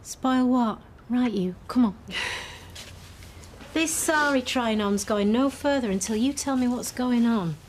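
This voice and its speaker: An actress playing a nosy bride-to-be who coaxes a friend in a brisk way. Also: female voice, a little high, slight background noise, close to an everyday voice. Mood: coaxing.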